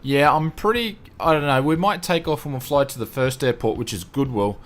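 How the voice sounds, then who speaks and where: A man's voice: mid-range voice, fairly quick. A man hosting a casual livestream, chatting and greeting viewers one by one. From Australia. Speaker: livestream host.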